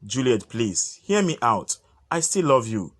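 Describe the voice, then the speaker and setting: A man's voice: medium pitch, big pitch swings, measured pace, breathy edge. A man voicing a deceitful young lover in a cartoon, begging forgiveness. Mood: pleading. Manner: pleading, begging. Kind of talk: cartoon voice acting.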